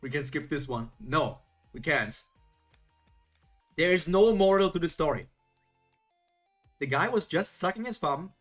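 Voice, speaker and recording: A woman streamer reading old children's rhymes aloud in a playful, theatrical way, adding joking comments between them. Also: on the low side. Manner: playful, theatrical, jokey asides.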